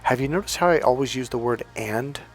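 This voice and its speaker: A man's voice: medium pitch, a little fast. A man giving an emphatic, repetitive motivational coaching talk. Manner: emphatic, repetitive, chanting mantras. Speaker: life coach.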